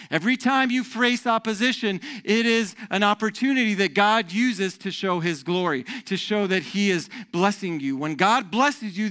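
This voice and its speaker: Male pastor, lively conversational sermon, somewhat high, bright forceful tone. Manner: animated, conversational preaching with stammered repeats.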